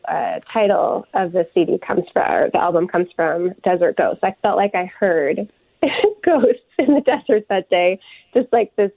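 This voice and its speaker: Musician lady calling in, gravelly voice, tinny dry phone sound, lots of ums. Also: lowish voice, no room sound. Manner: warm, reflective, many ums. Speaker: musician guest. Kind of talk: phone interview.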